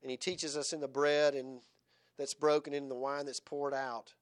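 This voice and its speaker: A male pastor preaching a sermon, swinging dramatically between loud exhortation and hushed tenderness, with frequent chuckles. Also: mid-range voice, level tone, moderate pace, clean tone.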